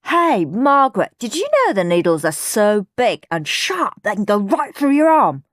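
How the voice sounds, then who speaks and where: A woman voicing a horrid, bratty schoolboy who shrieks and shouts. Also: medium pitch, very animated, normal speed, dry recording, clean studio sound, pitched above the performer's own voice, natural voice. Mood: taunting. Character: horrid bratty schoolboy, taunting then panicked.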